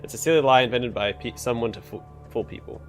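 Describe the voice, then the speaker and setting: A man's voice: mid-range voice, fast, soft background music, natural voice. A man voicing a nervous male clerk who has verbal tics and talks in a stammering, apologetic way, in a game.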